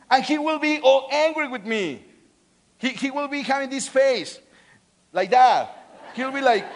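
A man, swinging between loud pleading and soft earnestness, often restarting and repeating words. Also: very high voice, moderate pace. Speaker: preacher. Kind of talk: sermon.

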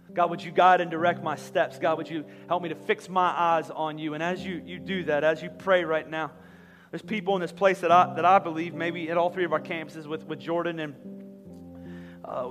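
A man preaching a sermon as pastor, leading the congregation in prayer with impassioned, rising intensity. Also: a little high. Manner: impassioned preacher, rising to loud fervent peaks. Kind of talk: sermon with altar call prayer. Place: large church auditorium. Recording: long hall reverb with soft guitar behind.

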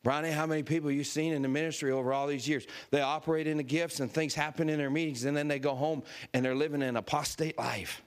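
A man's voice: a little high, fast, few pauses. A male preacher telling a story in a sermon, laughing as he acts out the voices of the people in it. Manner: lively, laughing storyteller who acts out quotes.

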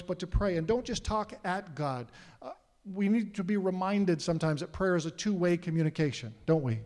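A man's voice: high-pitched, darkish tone. A middle-aged man, a pastor, preaching a sermon earnestly and asking the congregation questions. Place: church sanctuary. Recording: long hall reverb.

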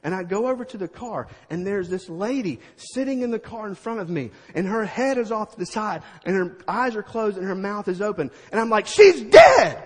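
A middle-aged man preaching, telling a story to a crowd with animated sound effects and a husky voice. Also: sits high, fairly quick, hardly any pauses, big-room sound. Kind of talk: storytelling sermon.

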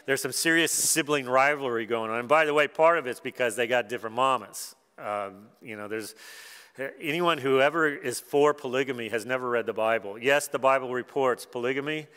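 A man's voice: mid-range voice, a little fast, a bit bright, smooth, big-room sound. A man preaching a sermon, retelling a Bible story in a conversational, folksy way with asides.

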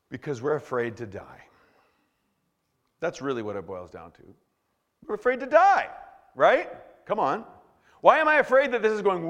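A male pastor preaching a sermon, swinging from hushed, slow words to shouted bursts. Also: mid-range voice, big-room sound.

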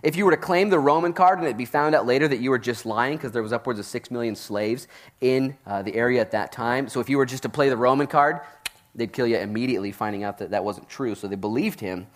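A man preaching a Bible-teaching sermon in a casual, animated way, with jokey asides. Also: medium pitch, fast. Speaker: pastor.

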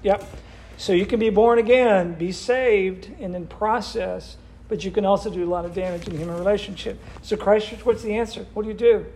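High-voiced man leading a Bible study. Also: fairly even intonation, fairly quick, hardly any pauses, dark tone, slight background noise. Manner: asks the group questions, repeats answers back. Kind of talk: interactive Bible study teaching.

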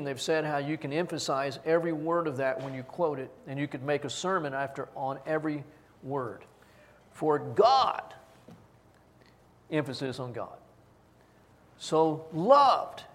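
A man's voice: a little high, fairly quick, a bit bright. A man preaching a sermon as pastor, earnestly reading scripture aloud and stressing single words. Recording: long hall reverb.

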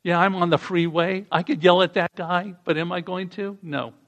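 A man's voice: high-pitched, fairly even intonation, moderate pace, a bit bright. A man preaching a sermon, reading scripture aloud and asking the congregation to repeat lines after him. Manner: reads passages aloud and leads call-and-response.

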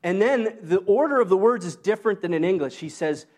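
A man with a high voice preaches a sermon in a loose, conversational way. He slips in self-deprecating asides and short laughs, and his voice climbs higher when he quotes the apostle. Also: lively intonation, a little fast, few pauses, darkish tone. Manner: rises high when quoting Paul. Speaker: pastor.

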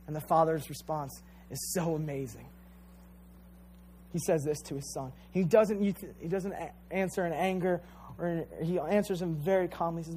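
Man, preacher, sermon, emphatic and repetitive, talks straight to the listeners, slightly high voice. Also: brisk, mellow, slight background noise. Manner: addresses listeners directly as "you guys".

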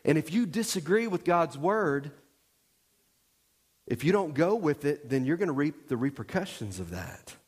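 Male pastor, high voice, animated sermon storyteller, church sanctuary with long reverb. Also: moderate pace, breathy edge. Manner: animated storytelling with acted-out shouts. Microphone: wearing a microphone pack. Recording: long reverb of a large hall.

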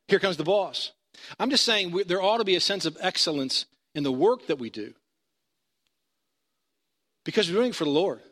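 A man's voice: sits high, a bit bright. A male pastor preaching a sermon in a conversational storytelling manner, building to emphatic points.

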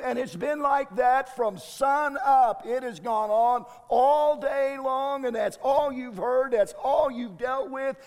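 A man preaching a sermon as a pastor, emphatic and exclamatory, with dramatic shifts between loud and hushed delivery. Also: very high voice, slow pace, few pauses, in a large hall.

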